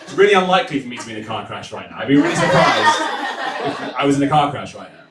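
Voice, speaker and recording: A man's voice: medium pitch, very animated, rapid-fire. A man doing a stand-up set in a comedy club, telling anxious, self-mocking stories. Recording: echoey, distant club recording with faint noise.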